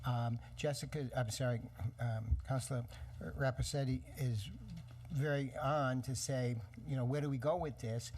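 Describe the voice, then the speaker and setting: A man's voice: mid-range voice, fairly even intonation, moderate pace, darkish tone, a little hiss or hum. A man speaking as a town councilor at a council meeting, telling anecdotes in a rambling way.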